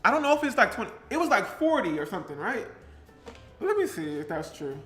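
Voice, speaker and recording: A man's voice: high-pitched, big pitch swings, fast, a bit bright, faint music behind. Chatty man rambling in a roomy kitchen. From Pleasantville, New Jersey. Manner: chatty, rambling, breaks into song snippets. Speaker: vlogger. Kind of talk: casual live-stream chat while baking. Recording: roomy echo.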